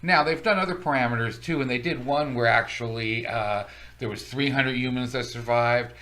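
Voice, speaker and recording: A man's voice: medium pitch, moderate pace, sharp tone. A man co-hosting a casual talk show, wryly explaining figures from a study. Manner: wry, explains study results. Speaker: podcast co-host. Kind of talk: casual chat.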